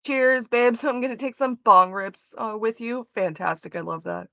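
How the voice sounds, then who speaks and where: A woman's voice: fairly high pitch, moderate pace, creaky, pushed and bright, no room sound, dull audio. A woman streaming from home, chatting casually while gaming, blunt and sarcastic with lots of swearing, coughing now and then from smoking. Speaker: live streamer.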